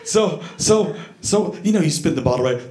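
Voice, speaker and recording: Male stand-up comic, animated storyteller, stage mic, audience laughter. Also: on the high side, normal speed, crowd noise. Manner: animated, acts out voices. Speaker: stand-up comedian. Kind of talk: stand-up comedy. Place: comedy club stage. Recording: echoey club with audience laughter.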